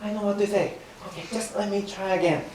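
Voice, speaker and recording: A man's voice: sits high, steady tone, fast, voice pushed up, natural voice. A man playing an eager, brash young student in rakugo comic storytelling. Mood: cocky. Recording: roomy, distant mic, faint hiss.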